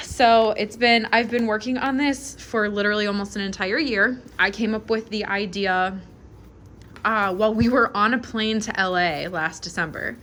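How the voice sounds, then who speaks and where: A young woman chatting casually on a phone camera at home, giggly and full of fillers, at times dropping to a soft murmur. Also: medium pitch, moderate pace, slight background noise. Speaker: vlogger. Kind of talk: casual vlog chat.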